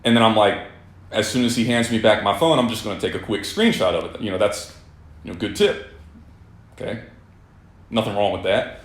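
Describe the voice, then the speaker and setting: A man's voice: on the low side, animated, fairly quick, pauses often, roomy sound. A man telling a personal story in a casual monologue, exasperated and rambling, swearing often and restarting his sentences.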